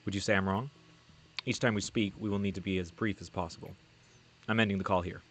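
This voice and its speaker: A low-voiced, guarded insider , as a man reads him out, speaking in short, careful sentences as if every word on the line could get him caught. He probes, then pulls back, the manner of a secretive male informant in a video game. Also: fairly even intonation, fast talker, a little hiss or hum, lightly acted. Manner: guarded, terse and probing. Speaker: game character read aloud.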